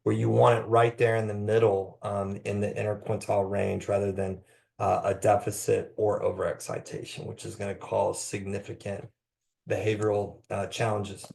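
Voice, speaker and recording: Halting male presenter full of fillers. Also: fairly low pitch, monotone, gravelly, a little mellow. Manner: hesitant, many fillers and restarts. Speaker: trainer on trauma-informed care. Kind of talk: live presentation to clinicians.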